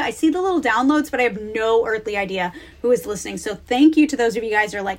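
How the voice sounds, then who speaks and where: Woman in her 30s, solo podcast host, chatty and animated, a bit high-pitched, recording in a closet. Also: fast, few pauses. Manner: chatty and animated, lots of "like" fillers. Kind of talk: casual solo podcast talk. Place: small closet at home.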